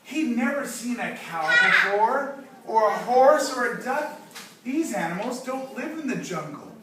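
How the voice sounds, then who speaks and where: A woman teaching young children, telling a story and leading them through animal sounds in a slow, exaggerated, playful way. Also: on the high side, lively intonation. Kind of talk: storytelling and call-and-response lesson for children. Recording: echoey hall, voice from far off, background noise.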